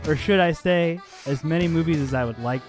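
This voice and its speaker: A man's voice: on the high side, brisk, faint music behind. A man hosting a podcast and running a quiz game, joking and crude in casual chat.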